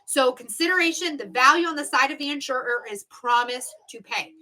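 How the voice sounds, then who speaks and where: A woman's voice: high voice, animated, brisk, pushed and bright, low-quality recording. A woman exam prep instructor teaching a live-streamed review lesson, stressing key words and repeating them to drill the point. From United States.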